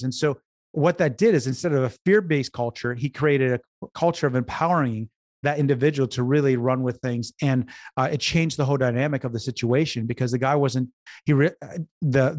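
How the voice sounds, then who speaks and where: His mid-range voice has a darkish tone, captured at studio quality with no room sound. The speaker, a business consultant, is a guest on an interview podcast, earnestly recounting stories while he repeats words and restarts his phrasing.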